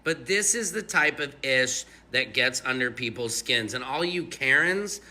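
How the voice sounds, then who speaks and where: A man giving casual, sarcastic commentary, mocking and animated. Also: medium pitch, measured pace. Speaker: online commentator.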